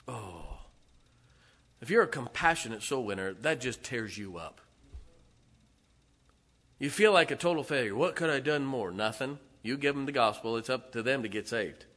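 A middle-aged male pastor delivering a sermon in a church, his voice bright and forceful. He talks to the congregation in a loose, conversational way, dropping asides and chuckling between points. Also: medium pitch, expressive, moderate pace. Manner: conversational preaching with laughs and asides.

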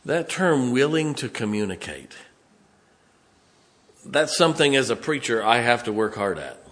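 A man's voice: mid-range voice, very animated, unhurried, a bit bright, in a large hall. A middle-aged male pastor, preaching a sermon in a church with folksy, conversational stories. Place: church sanctuary.

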